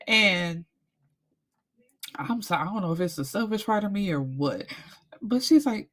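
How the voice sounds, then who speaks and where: Lively woman recapping a book. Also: fairly low pitch, takes it slowly, long pauses. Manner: animated storytelling, acts out characters, swears freely. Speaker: book reviewer.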